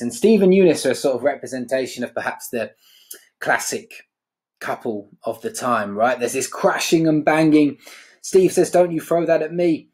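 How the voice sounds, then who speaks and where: A man's voice: medium pitch, a little mellow. Male teacher, conversational lesson. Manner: conversational, checks in with "right?". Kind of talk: recorded literature lesson.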